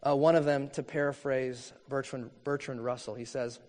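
A man preaching a sermon in an earnest, measured way, reading long quotes slowly. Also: medium pitch, steady tone, a little mellow. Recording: long reverb from a hall.

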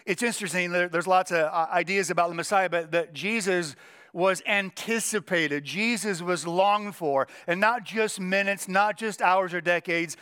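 A middle-aged male pastor preaching a sermon with a strained, cracking voice, emphatic and slowing down to stress key lines. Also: sits high, pushed and bright, clear, resonant tone. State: voice cracking, throat clearing.

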